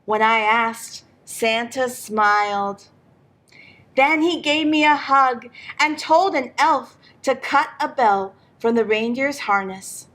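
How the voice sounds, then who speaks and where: A woman reading a picture book aloud in an expressive storytelling manner for a library program. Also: on the high side, takes it slowly.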